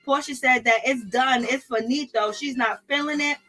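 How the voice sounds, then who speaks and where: High-voiced woman gossiping, laughing often. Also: moderate pace. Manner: animated, gossipy, laughs often, African American Vernacular phrasing. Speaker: reality TV reviewer and channel host. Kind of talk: casual commentary, live-chat shoutouts.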